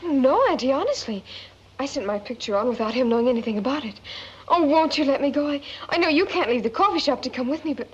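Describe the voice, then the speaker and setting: A breathless, pleading young small-town girl in a 1940s film, her very high voice swooping up and down. The sound is dull and old, with a faint hiss. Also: lively intonation, quick pace, slightly rough. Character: eager young woman dreaming of Hollywood.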